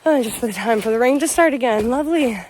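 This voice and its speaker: A woman's voice: on the high side, quick pace, a little mellow, slight background noise. A young woman vlogging alone on a forest trail, tired, frustrated and close to tears, swearing and laughing it off. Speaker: solo backpacking vlogger. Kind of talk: casual vlog narration while hiking.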